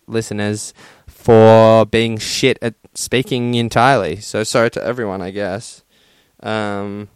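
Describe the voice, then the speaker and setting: Young male podcast host, profane and self-deprecating, smooth voice, dry sound. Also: on the low side, no room sound. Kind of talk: casual solo podcast chat.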